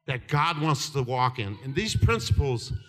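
A man in his seventies preaching a fervent sermon, telling stories with laughter and shouted lines. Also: mid-range voice, big pitch swings, moderate pace. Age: 70s. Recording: reverberant hall.

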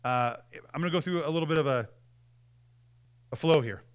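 A man's voice: fairly high pitch, brisk, clear, resonant tone. A male pastor giving a conversational sermon and acting out quotes as he preaches.

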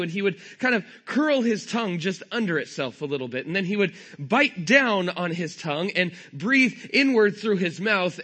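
Bright-voiced storytelling pastor, a man. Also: high voice. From California. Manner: storytelling, self-deprecating humor. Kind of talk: sermon.

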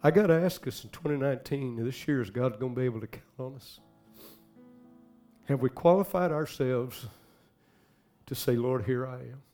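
A man preaching a sermon, swinging dramatically from hushed, slow phrases to loud bursts. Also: medium pitch. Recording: faint music behind.

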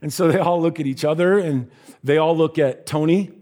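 A man preaching by telling a story, animated and giving voices to the characters in it. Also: fairly high pitch, a little fast. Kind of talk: sermon storytelling.

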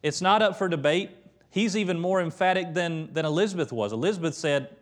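A man preaching in a relaxed, conversational way, then turning emphatic as he retells the scripture. His voice sits a little high. He brings the quoted lines to life as he speaks. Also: normal speed. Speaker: pastor. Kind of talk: sermon. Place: church.

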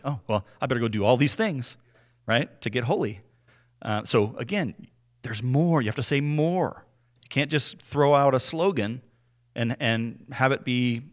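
A man giving a conversational Bible teaching, explaining things earnestly and often checking in with a quick "right?". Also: medium pitch, a bit bright.

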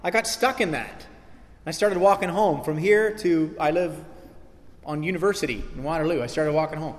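Male pastor, fairly high voice, earnest sermon delivery, echoing church hall. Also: moderate pace. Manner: earnest, storytelling, rises to animated emphasis. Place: church sanctuary. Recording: long church hall reverb.

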